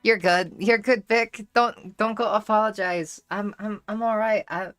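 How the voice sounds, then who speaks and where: Bright-voiced, blunt woman streamer. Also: medium pitch, steady tone, unhurried. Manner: blunt and profane, with many fillers; self-deprecating when trying accents. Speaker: livestreamer. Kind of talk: casual live-stream chat.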